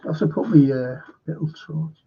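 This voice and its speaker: A man with a somewhat high, husky voice talks slowly and bluntly on a casual film-review livestream, swearing freely and sounding frustrated and in pain. The audio is dull and lo-fi. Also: warm tone. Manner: blunt, rambling, swears a lot.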